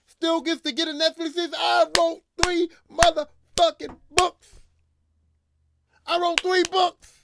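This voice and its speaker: High-pitched, ranting podcast host. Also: male voice, measured pace, vocal fry, background noise. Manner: animated ranting, repeats himself, slangy. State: a little drunk. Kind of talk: casual profane commentary.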